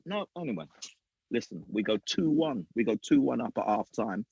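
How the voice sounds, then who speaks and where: Husky man telling lively stories. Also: medium pitch, moderate pace, no room sound, dull audio. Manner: acts out other people's voices, lively and emphatic. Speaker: podcast guest, former youth football coach. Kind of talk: animated storytelling.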